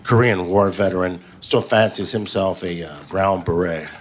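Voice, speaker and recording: A low-voiced man from Southern California performs stand-up on a comedy club stage before a live audience, telling deadpan stories and slipping into quick put-on voices for characters. The live club recording carries loud audience noise.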